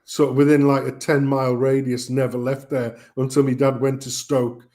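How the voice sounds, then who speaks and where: A man's voice: medium pitch, flat delivery, normal speed, a little mellow. A middle-aged man, telling rambling family anecdotes in casual chat, joking and swearing as he goes.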